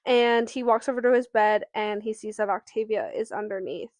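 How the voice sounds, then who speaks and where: A woman's voice: medium pitch, normal speed, a little mellow, no echo. A woman co-hosting a podcast, recapping a novel's plot in casual chat with fillers and some swearing. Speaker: podcast co-host. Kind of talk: casual book discussion.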